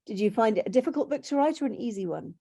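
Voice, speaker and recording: Fast-talking woman host. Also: a little high, lively intonation, dark tone, no room sound, studio quality. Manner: eager, stacked questions. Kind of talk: interviewing.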